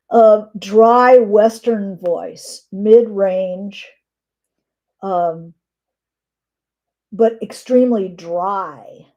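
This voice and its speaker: A middle-aged woman teaching writing on a live stream, reading descriptive notes aloud with frequent pauses and fillers. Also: medium pitch, dark tone.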